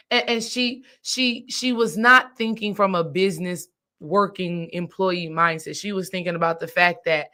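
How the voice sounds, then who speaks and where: Woman host, spiritual coach, casual storytelling, bright forward voice, chatty and animated. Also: medium pitch. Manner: chatty, animated, asks "right?" often.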